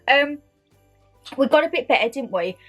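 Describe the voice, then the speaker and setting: A woman's voice: sits high, lively intonation, moderate pace, soft background music. A woman in her twenties chatting casually to camera in a year-end vlog, bubbly and friendly, calling her viewers "my lovelies". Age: 20s. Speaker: YouTuber.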